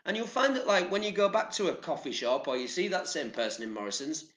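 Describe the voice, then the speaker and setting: A man's voice: a little high, sing-song, quick pace, a bit bright. Chatty English man in a roomy space. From England. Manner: chatty, rambling, swears casually. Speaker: vlogger. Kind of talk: casual motivational talk to camera.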